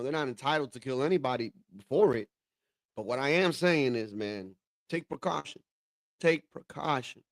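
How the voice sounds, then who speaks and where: A man's voice: medium pitch, dry recording, studio quality. A man hosting a casual commentary show, reacting to clips with profane, heated, rhetorical ranting. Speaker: show host.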